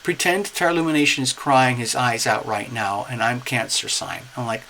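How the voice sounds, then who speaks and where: A man's voice: mid-range voice, normal speed, vocal fry, hardly any pauses, slight background noise, poor audio. A man giving a casual, coaxing tarot reading, often checking in with "okay?". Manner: animated, coaxing, repeats "okay?". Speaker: tarot reader.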